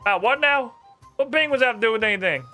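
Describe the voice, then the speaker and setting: Man doing a loud, cranky old sheep farmer, game character, high strained voice. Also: animated, soft background music, heavily acted. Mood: exasperated. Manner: shouty, indignant, quick to bark back. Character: hot-tempered old male sheep farmer.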